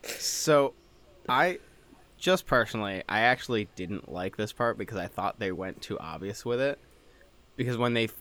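A man's voice: deep voice, a bit bright. A man chatting casually on a podcast, rambling with lots of filler words as he critiques a show. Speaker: podcast co-host.

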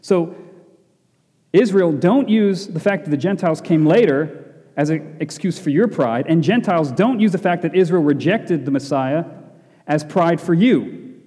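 A man's voice: fairly high pitch, normal speed, warm tone. A man preaching a Bible sermon to a congregation, emphatic, repeating key phrases and asking rhetorical questions. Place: church hall with congregation. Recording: long echoey hall reverb.

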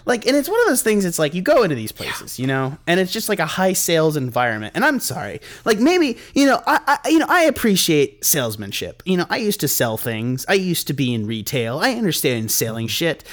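Young male podcast host, loose and profane, fairly high voice with big swings in pitch. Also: brisk, few pauses. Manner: animated ranting, swearing, laughing. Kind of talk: casual podcast chat.

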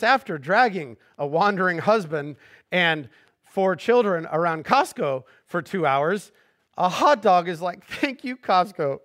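A middle-aged man preaching a conversational sermon as pastor, joking and swinging between hushed earnest points and animated asides. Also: a little high.

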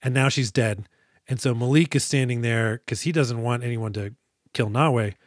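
A man co-hosting a podcast, recapping a movie in a casual, animated and jokey way with plenty of swearing. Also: mid-range voice, normal speed, dry recording, studio quality. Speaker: podcast co-host. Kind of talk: casual movie review chat.

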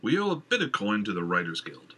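A man voicing a fussy, pompous middle-aged male theater owner, in a high, flustered and theatrical way. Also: huge pitch swings, brisk, pushed and bright, slightly rough, full character voice.

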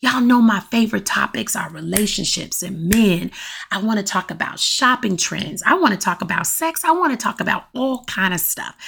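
A middle-aged woman hosting her own podcast, talking to listeners in a lively, preachy way and calling out to them often, with a voice that turns raspy at times. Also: mid-range voice. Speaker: podcast host. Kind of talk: casual solo podcast monologue. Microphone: USB condenser mic.

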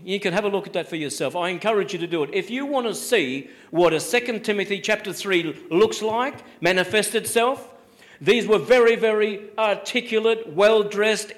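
A high-pitched man delivering a sermon from the pulpit. He preaches emphatically, repeating his points and firing rhetorical questions at the congregation. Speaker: pastor.

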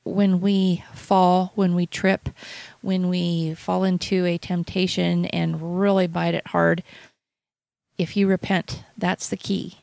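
Woman radio cohost, bit of vocal fry, dry close studio sound, earnest and halting. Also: lowish voice, little pitch movement, darkish tone, no echo. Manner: earnest, halting, many restarts. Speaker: radio co-host. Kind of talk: casual Bible talk.

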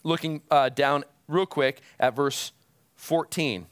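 A pastor delivers a sermon, walking his listeners through scripture with earnest conviction. His voice sits a little high for a man and climbs to emphatic peaks. The sound is close and dry, with no room around it. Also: slow pace, clear, resonant tone, dry recording.

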